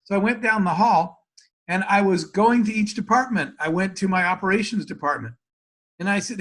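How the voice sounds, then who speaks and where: A man from the United States telling a story as an interview guest, acting out both sides of the dialogue with lively energy. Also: sits high, moderate pace.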